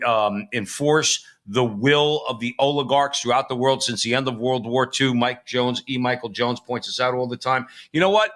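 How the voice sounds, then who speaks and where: A middle-aged man with a bright, forward voice co-hosts a live political talk show. He rambles emphatically, often restarting his sentences as he pushes his point. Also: medium pitch. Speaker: co-host.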